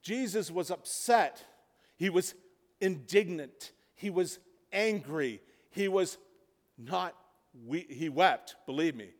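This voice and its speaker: A man preaching a sermon, retelling a story, dropping to a hush and then building to loud emphasis. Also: on the high side, lively intonation, slow pace. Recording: reverberant hall.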